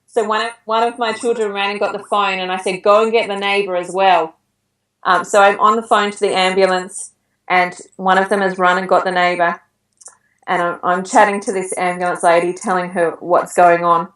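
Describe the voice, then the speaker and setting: A woman's voice: medium pitch, flat delivery, moderate pace, a bit bright, far from the mic. A woman in her thirties, a podcast guest, telling a personal story in a chatty way and laughing now and then. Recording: roomy echo, set back from the mic.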